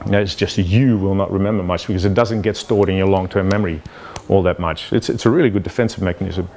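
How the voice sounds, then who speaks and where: A man's voice: low-pitched, fairly even intonation, fast, darkish tone, a little hiss or hum. A man giving an informal lecture at an event, conversational and often checking in with "yeah" and "you know.". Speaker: speaker explaining brain biology.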